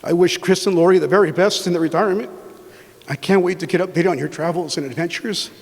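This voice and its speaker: A man pays an emotional tribute to his mentor. His voice is gravelly and raspy, pitched a little high, and it echoes through a banquet hall with long reverb. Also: fairly even intonation, quick pace. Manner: emotional, heartfelt. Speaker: colleague giving a tribute.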